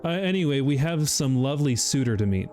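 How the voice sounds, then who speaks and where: A man streaming a game, giggling often, swearing, and breaking into sudden high shrieks as he comments to chat. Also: lively intonation, brisk, darkish tone, faint music behind. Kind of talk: gaming livestream commentary.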